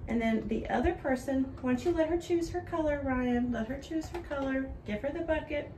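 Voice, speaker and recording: A woman teaching a home video lesson for young children, with a bright sing-song teacher voice that goes slow and clear for the kids. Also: high voice, slight background noise, rough recording.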